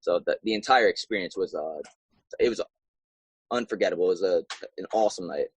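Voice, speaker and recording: A young man and professional fighter telling his story in a casual interview, animated and acting out his own past reactions. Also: deep voice, a little fast, husky, no room sound, rough recording.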